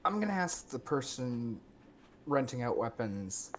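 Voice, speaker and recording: A player at a tabletop game asks pointed follow-up questions in a casual, literal-minded way. The voice sits in a middle pitch. A faint hiss of noise sits behind it. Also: very animated, unhurried.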